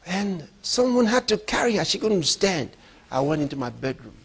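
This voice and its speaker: A middle-aged man preaching a sermon as a pastor, emphatic, moving between loud outbursts and low, quiet storytelling. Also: big pitch swings, moderate pace, gravelly, husky.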